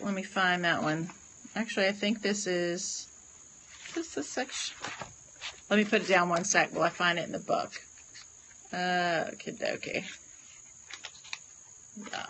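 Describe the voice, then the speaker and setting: A woman's voice: medium pitch, bright, forceful tone, low-quality recording. A woman hosting a casual livestream oracle card reading, gushing with praise and talking to viewers by name.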